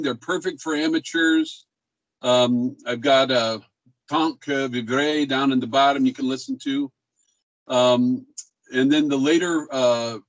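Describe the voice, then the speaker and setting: A man teaching music history in a relaxed lecture style, with frequent ums and uhs and his own voice used to show speech rhythms. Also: mid-range voice, dry recording, lo-fi sound. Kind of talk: recorded classroom lecture.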